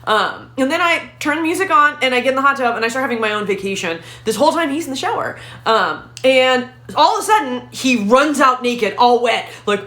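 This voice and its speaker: Woman, stand-up comedian, profane storytelling, bright voice, roomy echo. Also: sits high, expressive, fairly quick, few pauses.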